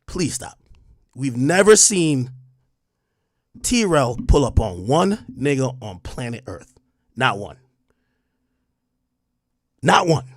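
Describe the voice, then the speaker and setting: A man hosts a heated livestream, his raspy, fraying voice swinging between loud trash talk and a hushed near-whisper. His pitch sits a little high and leaps around a lot. The sound is dry and close to the mic. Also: no echo. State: losing his voice. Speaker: livestream host. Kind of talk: ranting livestream commentary.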